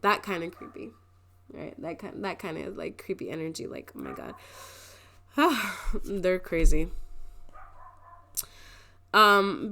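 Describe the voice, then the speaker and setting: A woman with a mid-range, somewhat bright voice talks over a little hiss or hum. As a tarot reader giving viewers a casual card reading, she rambles emotionally, laughs a lot, and leans heavily on "like."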